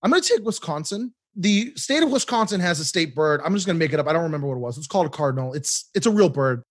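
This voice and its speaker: A man with a high, bouncing voice co-hosts a casual podcast. He rants about things that annoy him with animated indignation, laughing often. His pitch leaps up and down as he talks. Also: quick pace, husky. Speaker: podcast co-host.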